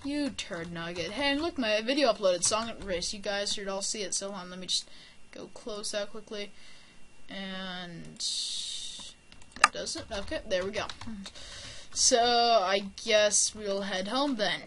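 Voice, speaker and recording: A woman's voice: medium pitch, measured pace, fairly bright tone. A woman giving casual, playful let's-play commentary, rambling, joking at herself and giggling often. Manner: playful, giggly, rambling with self-mocking jokes. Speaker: gameplay commentator. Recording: noisy home mic with keyboard clicks.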